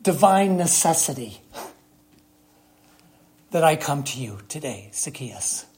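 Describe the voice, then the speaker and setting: A preacher giving a sermon, speaking emphatically with long dramatic pauses and rhetorical questions to the congregation. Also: mid-range voice, big pitch swings, darkish tone, breathy edge.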